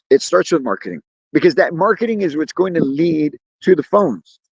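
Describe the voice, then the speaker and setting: A man's voice: a little high, vocal fry, slightly rough, no room sound, highs cut off. A man giving motivational sales coaching, emphatic and repeating his key points. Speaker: sales trainer.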